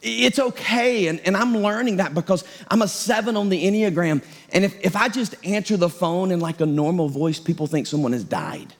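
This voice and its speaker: High-voiced man preaching conversationally. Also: expressive, a little fast, few pauses. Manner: conversational, self-deprecating preaching with quoted asides. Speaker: pastor. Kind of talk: sermon.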